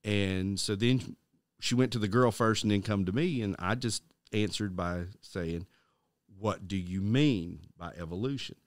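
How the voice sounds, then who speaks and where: A middle-aged man with a low voice tells a story on a casual faith podcast, stopping and restarting his sentences as he goes. He acts out the voices of the people in his story. The sound is dry and close to the mic. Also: unhurried, no room sound. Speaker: podcast co-host. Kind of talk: casual Christian podcast conversation.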